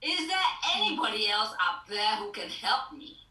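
A woman voicing a panicked man clinging to a branch on a cliff, shouting desperately for help. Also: fairly high pitch, sing-song, moderate pace. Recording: roomy, distant mic.

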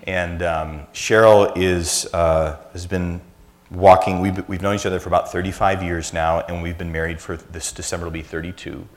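A man in his fifties with a notably low, deep voice addresses a congregation in a relaxed, conversational sermon. He weaves in self-deprecating family stories before turning to his teaching. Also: moderate pace. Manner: anecdotal, self-deprecating storyteller. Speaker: church speaker.

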